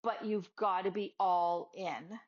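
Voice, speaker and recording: A woman's voice: medium pitch, steady tone, slow. A woman yoga teacher and podcast host giving a casual motivational talk, chatty and acting out little dialogues with her students. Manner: conversational, acts out dialogues with students. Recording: slightly dull lo-fi audio.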